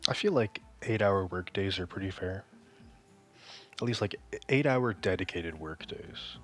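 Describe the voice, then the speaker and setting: Deep-voiced man rambling over gameplay. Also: animated, a bit bright, faint music behind. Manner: rambling, joking, self-deprecating; halting, frequent restarts. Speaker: gaming video creator. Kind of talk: casual gameplay commentary.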